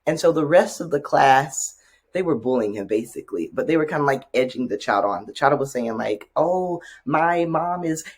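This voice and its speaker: Husky-voiced man telling classroom stories. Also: mid-range voice, a little fast. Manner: animated storytelling, trailing off quietly. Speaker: teacher and podcast co-host. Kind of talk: casual chat.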